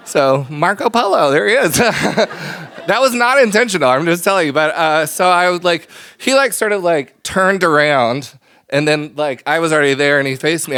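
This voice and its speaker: A man telling a funny personal story on stage at a microphone, his voice smooth and resonant and a touch higher than most men's. He rambles along in a chatty, self-deprecating way, laughing often. The sound is close and dry. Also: fairly bright tone, no room sound. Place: stage before a live audience.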